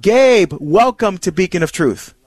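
A man's voice: high-pitched, lively intonation, a little slow, no room sound. A man hosting a call-in radio show, thanking callers and inviting listeners to phone in.

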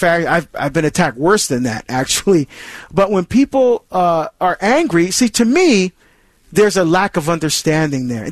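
A man with a high voice hosts a Catholic call-in radio show, with no room sound on the recording. Discussing scripture, he talks earnestly about faith, restarting and repeating himself often.

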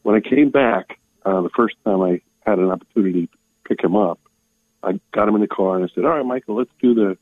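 A man's voice: low voice, slightly rough, no echo. Older man on a tinny phone line. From Maryland. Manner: heartfelt, hesitant, choked up. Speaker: radio caller.

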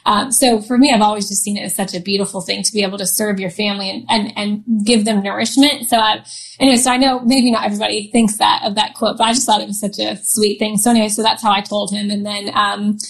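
A woman's voice: mid-range voice, steady tone, fast, creaky. A woman in her thirties telling a personal story as an interview guest, chatty and often laughing, with many fillers.

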